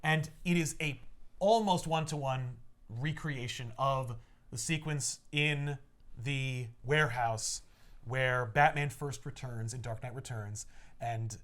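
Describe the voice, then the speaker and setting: A man chatting casually on a podcast, retelling a comic book plot with lively acted-out voices. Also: medium pitch, slow. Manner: animated storytelling, acts out characters with shouts and laughs. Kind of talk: casual chat.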